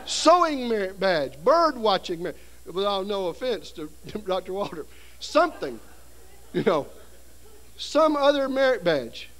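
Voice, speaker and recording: High-voiced storytelling male preacher. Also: very animated, a little slow, a bit bright. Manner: storytelling, acting out voices and sounds with humor. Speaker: seminary dean and preacher. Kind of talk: preaching a seminar sermon. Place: seminary hall before an audience.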